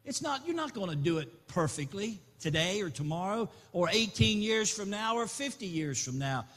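A man preaching an impassioned sermon that swells into loud appeals. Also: high voice, big pitch swings, normal speed. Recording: long reverb in a large hall.

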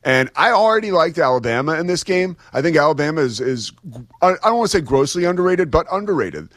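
Speaking quickly and very animatedly, a guest sports commentator with a high-ish, fairly bright voice gushes about the games, laughing easily in casual, chatty sports talk. The studio-quality recording carries no room sound.

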